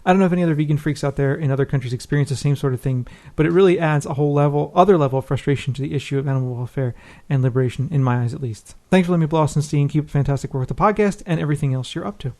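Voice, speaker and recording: A man's voice: fairly high pitch, rapid-fire, few pauses, darkish tone. A man co-hosting a casual podcast, talking informally and reading a listener email aloud. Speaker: podcast co-host.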